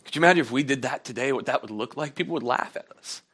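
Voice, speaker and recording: A pastor talks very fast in a slightly bright, husky voice. He preaches in a casual, conversational style, acting out quotes in a raised voice with rising pitch.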